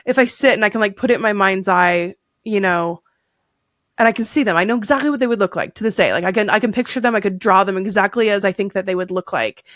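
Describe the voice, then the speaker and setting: A woman's voice: mid-range voice, fast talker, a bit bright, dry recording, studio quality. A woman in her thirties chatting candidly as a podcast guest, rambling with fillers and restarts. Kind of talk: candid casual chat.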